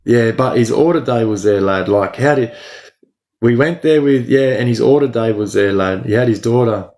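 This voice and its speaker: A man's voice: medium pitch, moderate pace, darkish tone. A middle-aged Australian man hosting a casual livestream, answering viewers by name in slangy talk full of "bro". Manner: slangy, talks to chat by name, says "bro" a lot. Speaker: livestream host.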